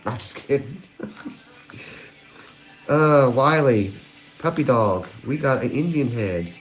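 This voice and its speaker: A man, hosting a live stream and chatting excitedly with viewers. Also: medium pitch, takes it slowly, long pauses. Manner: excitable, giddy, chats to viewers. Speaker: livestream host hunting coins. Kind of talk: casual live-stream chat.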